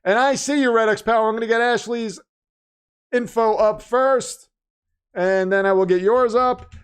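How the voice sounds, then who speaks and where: A man hosting a casual livestream and reading viewer messages, talkative, keyed up and nervous, swinging from loud to quiet. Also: very high voice, moderate pace, clean tone. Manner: excitable, talkative, jumps between loud and quiet. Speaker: livestream host reading super chats.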